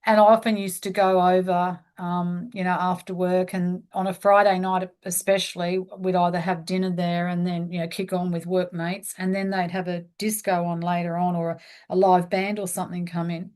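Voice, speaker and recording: A woman's voice: on the low side, little pitch movement, normal speed, hardly any pauses, a little mellow, clean tone. A woman hosting a podcast, chatting casually and acting out quoted lines as she tells a story. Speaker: podcast host. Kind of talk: casual conversation.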